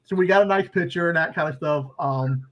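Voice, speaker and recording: Animated storytelling podcast host, man. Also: a little high, a little fast, poor audio. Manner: animated anecdote-teller with many fillers. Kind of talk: casual storytelling.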